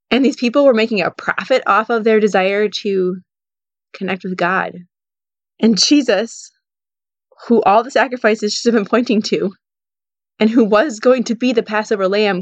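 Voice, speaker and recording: A woman's voice: mid-range voice, no room sound. A woman giving a casual Bible teaching, retelling the story in a conversational way with frequent "you know" and "like". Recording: dull, dry sound.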